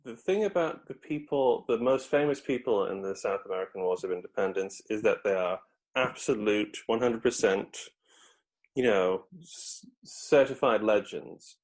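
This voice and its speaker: A man's voice: on the low side, expressive, moderate pace, a little mellow. Rambling man chatting history. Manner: rambling, hesitant with many ums and restarts. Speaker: guest history podcaster. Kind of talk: casual conversational history chat.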